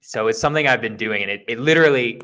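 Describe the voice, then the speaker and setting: A man's voice: medium pitch, very fast, pushed and bright. A man hosting a podcast, agreeable and enthusiastic. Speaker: podcast host. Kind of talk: casual podcast conversation.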